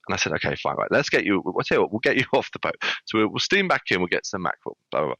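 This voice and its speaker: A man's voice: on the low side, big pitch swings, rapid-fire, gravelly, few pauses, sharp tone, dry recording. A man, a restaurant guest on a podcast, telling a funny story animatedly with lots of restarts. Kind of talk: casual storytelling. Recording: dull lo-fi sound.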